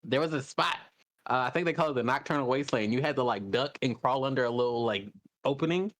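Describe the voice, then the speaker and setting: A man co-hosting a casual podcast chat, telling lively anecdotes with laughter. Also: mid-range voice, fast. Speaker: podcast co-host.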